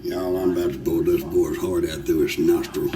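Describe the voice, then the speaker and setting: A man with a lowish voice blusters and curses through a crude comedy skit. He sounds distant from the mic in a roomy space. Loud noise runs behind him. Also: steady tone, normal speed. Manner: blustering, cursing, exclaiming. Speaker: prankster in a skit.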